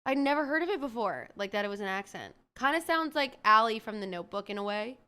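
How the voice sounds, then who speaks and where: A woman hosts a relaxed stream and chats her way through building a game character. Her tone is bright and forward, and her pitch swings widely. She rambles and gropes aloud for the right words. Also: fast talker, smooth. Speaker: streamer host. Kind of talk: casual chat while building a game character.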